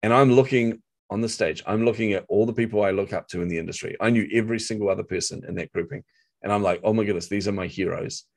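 Man, New Zealand accent, middle-aged, lowish voice, animated storyteller. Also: quick pace, gravelly. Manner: animated storyteller, acts out quotes. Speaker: guest, marketing coach. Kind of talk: storytelling interview chat.

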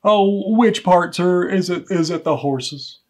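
A man's voice: high voice, slow pace, a little mellow. A man playing an eager, clueless border officer. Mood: defensive. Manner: eager, deferential, rambling excuses. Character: dim, eager male border patrol officer. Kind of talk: comedy sketch acting.

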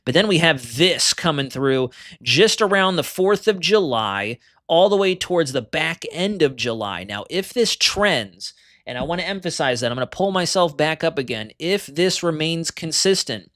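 A man's voice: a little high, lively intonation, moderate pace, a bit bright, no echo, clean studio sound. Man giving a chatty tropical weather briefing. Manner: conversational, walks through model charts. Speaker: weather forecaster.

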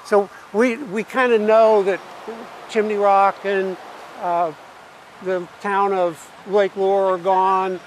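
High-voiced worried man outdoors. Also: little pitch movement, slow pace, slight background noise, rough recording. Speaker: local resident. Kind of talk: field interview.

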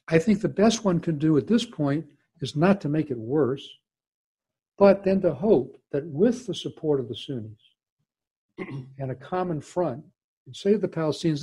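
A man's voice: fairly high pitch, warm tone, husky. An older man with a Southern US accent, a former diplomat telling emphatic, digressive anecdotes as a guest speaker. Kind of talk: storytelling talk with audience Q&A.

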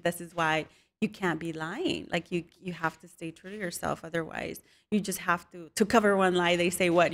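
A woman's voice: lowish voice, gravelly. A woman in her thirties, a chef guest in a casual interview, telling stories with lots of laughter and acting out what people said. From Mexican roots. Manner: animated storyteller, laughs often, acts out quotes. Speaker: guest, chef and content creator.

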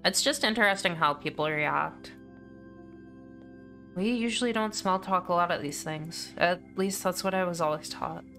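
A woman's voice: fairly low pitch, normal speed, pushed and bright, faint music behind. A woman streamer talking through a game in a chatty, candid way. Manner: chatty, candid, laughs easily. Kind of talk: casual let's-play commentary.

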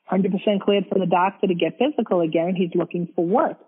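A woman interviewed as a widow, recounting a personal story in a halting way and often repeating her words. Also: lowish voice, slightly rough, narrow, tinny audio.

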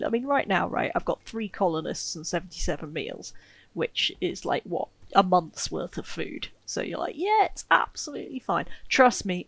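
A woman talks through her gameplay in a casual, wry, self-mocking way, now and then breaking into an excited yelp. Her voice has a slight gravelly rasp. The recording is close and dry, with no room sound. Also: on the low side, no room sound, low-quality recording. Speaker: game streamer commentating.

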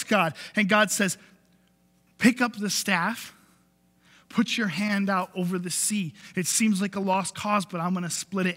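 Bright high-voiced preacher in a reverberant church. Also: male voice. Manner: animated storytelling preacher, acting out voices. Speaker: pastor. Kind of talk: sermon.

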